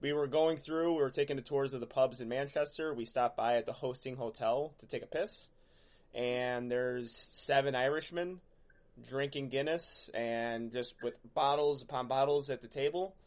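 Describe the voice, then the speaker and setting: A man's voice: mid-range voice, moderate pace. Laid-back man, casual podcast host. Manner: relaxed, swears freely. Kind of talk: casual chat.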